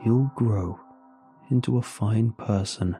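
A man voicing an eerie inhuman creature that speaks gently and possessively in a horror story reading. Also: on the low side, slow, soft background music. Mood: coaxing.

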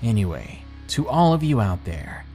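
A man narrating a scary story in a calm, measured, ominous way, then signing off as the channel host. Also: on the low side. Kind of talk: scripted narration of a horror story. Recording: faint background music.

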